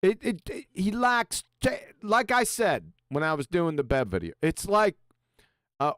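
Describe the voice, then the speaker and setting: Blunt, lively-voiced male host. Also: fairly high pitch, no echo, clean studio sound. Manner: blunt, profane, mocking. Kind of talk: casual live-stream panel chat.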